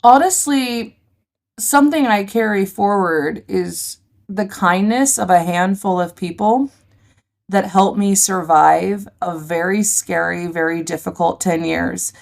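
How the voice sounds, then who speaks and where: A middle-aged woman, a podcast guest, telling vivid stories in an animated conversational way. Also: medium pitch, unhurried, creaky. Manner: animated, vivid storyteller, laughs easily. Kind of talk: conversational storytelling.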